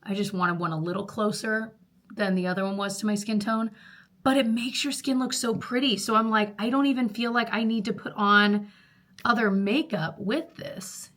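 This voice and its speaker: Bright, chatty woman vlogger. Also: medium pitch, steady tone. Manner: chatty and rambling, with frequent fillers and quick laughs. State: out of breath. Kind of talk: casual chat to camera.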